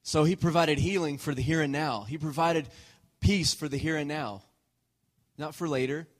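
A man's voice: a little high, steady tone, normal speed. Pastor guy preaching, chatty and jokey, asks the room questions. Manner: joking, checks in with the congregation. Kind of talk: conversational sermon.

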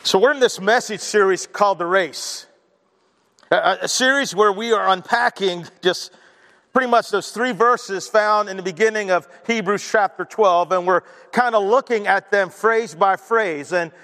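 High-voiced man preaching in a reverberant church. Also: moderate pace, fairly bright tone. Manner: conversational preacher, asides with chuckles, leads congregation in prayer. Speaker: pastor. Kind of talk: sermon. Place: church sanctuary.

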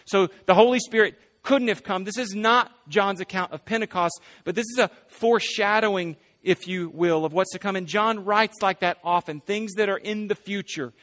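A pastor with a fairly high voice preaches to his congregation. He speaks conversationally, checking in with "right?" and posing questions to his listeners. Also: moderate pace, hardly any pauses, a bit bright. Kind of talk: sermon.

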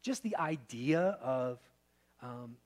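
Guy pastor giving a sermon, chatty, asks the crowd stuff, goes loud then quiet. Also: mid-range voice, lively intonation, slow. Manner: conversational, rhetorical questions, shifting loud and soft.

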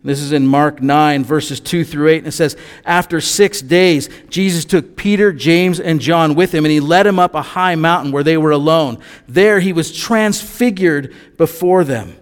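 A man with a fairly high voice preaches a sermon, reading scripture and then unpacking it in an easygoing, conversational way. His words ring out with a long reverb, as though spoken in a big sanctuary. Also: normal speed, few pauses, clean tone. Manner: conversational, reads scripture then explains it with asides. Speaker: pastor.

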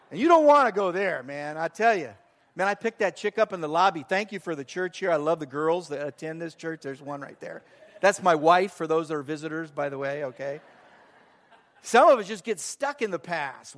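A middle-aged male pastor with a high voice delivers a sermon in church. He speaks earnestly and breaks up the preaching with joking asides. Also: fairly bright tone.

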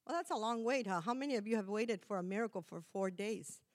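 A woman's voice: medium pitch, fast talker. A middle-aged woman preaching a conversational sermon, chatty and self-correcting, laughing at herself now and then.

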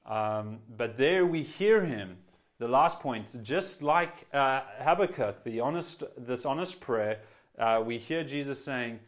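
Earnest male preacher, mid-pitched. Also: expressive, slow pace. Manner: earnest, rises for quoted prayers, drops soft at hushed moments. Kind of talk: sermon.

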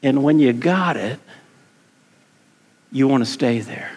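A man's voice: mid-range voice, slow, a little mellow, husky. A middle-aged man preaching a sermon in a conversational way, repeating words and asking his congregation questions. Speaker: pastor. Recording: long hall reverb.

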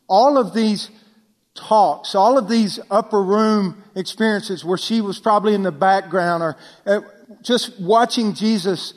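A man with a high voice delivers a sermon in a church with long, ringing reverb. He talks casually, tosses rhetorical questions to the room, and drops almost to a hush to stress key points. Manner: preaching with sudden drops to near-whisper for emphasis; conversational, asks the listeners rhetorical questions. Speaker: pastor.

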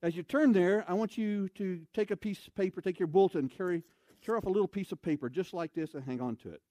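Man, pastor, sermon, animated storytelling, emphatic shouts, slightly high voice, dry sound. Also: fast, no echo. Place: church sanctuary.

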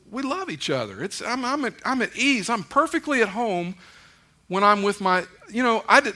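A middle-aged man preaching a conversational sermon, mixing folksy stories and gentle humor into his points. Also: high-pitched. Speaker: pastor.

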